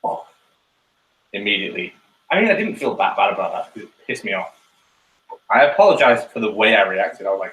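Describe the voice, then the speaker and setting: A man's voice: on the low side, very animated, fairly quick, pauses often, a bit bright, echoey room, distant mic, rough recording. A man co-hosting a podcast, trading dry, teasing banter in casual chat. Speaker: podcast co-host.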